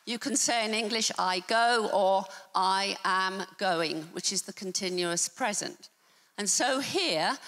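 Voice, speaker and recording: A woman's voice: fairly high pitch, bright, forceful tone. A woman preaching a sermon in a church, emphatic and teacherly, with wry asides. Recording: church hall reverb.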